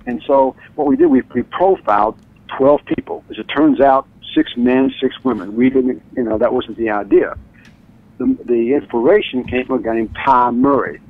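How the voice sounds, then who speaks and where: An author appears as a radio guest, enthusiastically telling stories and acting out quotes with big jumps in pitch. He speaks at a moderate pace. The sound is dry and tinny, like a phone line or radio studio, with no echo.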